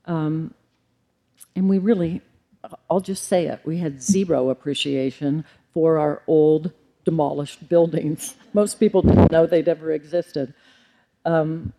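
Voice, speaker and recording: Her voice low and warm, a middle-aged woman who works as a librarian gives a measured, formal public lecture, now and then saying um or correcting herself.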